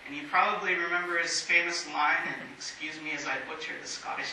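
A man pastor giving a sermon in a church, speaking in a measured way with emphatic pauses. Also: on the high side, fairly even intonation, bright, forceful tone. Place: church sanctuary. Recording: very echoey hall, distant mic, faint hiss.

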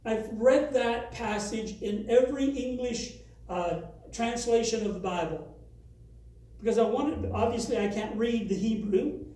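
A man's voice: extremely high pitch, unhurried, dark tone, recorded from a distance. A man preaching a sermon as a pastor, earnest, reading scripture aloud with rising emphasis. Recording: very echoey, from away from the mic.

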